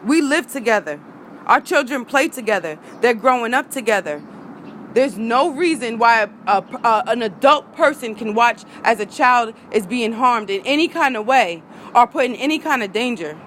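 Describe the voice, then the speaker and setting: A woman's voice: on the high side, animated, normal speed, fairly bright tone, a little hiss or hum. A woman ranting on a phone livestream outdoors, heated and profane, hammering her points with repetition. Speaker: vlogger going live. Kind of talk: impassioned live-stream rant.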